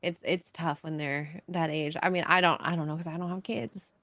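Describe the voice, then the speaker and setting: A woman's voice: deep voice, fairly even intonation, a bit bright, no room sound. Woman co-host, casual podcast banter, mid-range voice, dry close mic. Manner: chatty, playful, quick to laugh.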